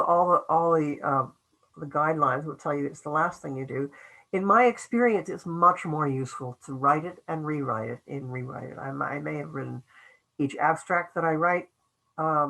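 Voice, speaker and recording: An older woman teaching an online writing class in a low, husky voice with a bright, forceful edge. She talks loosely and conversationally, trailing off, restarting, and acting out little quoted lines. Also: normal speed, rough recording. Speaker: academic writing lecturer. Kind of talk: webinar lecture.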